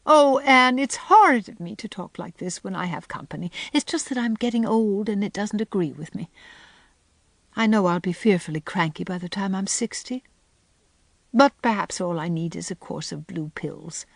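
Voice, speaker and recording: A woman reads aloud as a dreamy older spinster from a storybook, wistful and lilting. She lifts her voice well above her own and breaks into sudden bright bursts. It sounds close and dry. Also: medium pitch, expressive, moderate pace, creaky, no room sound.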